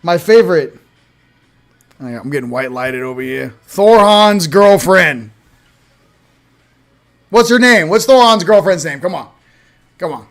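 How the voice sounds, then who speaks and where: A man hosting a casual livestream, chatting loosely, shouting out viewers and showing products. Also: high voice, lively intonation, unhurried, long pauses. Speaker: host.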